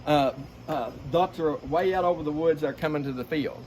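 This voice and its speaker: A middle-aged man talks in a slightly high voice, folksy and lively. He breaks off to imitate duck calls. Clear background noise runs under the recording. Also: moderate pace. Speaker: duck-calling expert. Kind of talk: casual explanatory chat with vocal demonstrations. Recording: noisy background.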